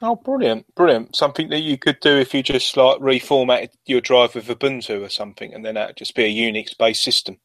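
A man co-hosting a casual podcast chat, chatty with quick asides. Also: mid-range voice, flat delivery, fairly bright tone, no echo. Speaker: podcast co-host.

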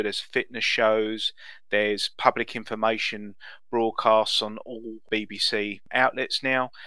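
A man's voice: fairly low pitch, bright, forceful tone, smooth, dry recording. A man co-hosting a podcast, explaining things in a rambling casual way with many ums and uhs. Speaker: podcast co-host.

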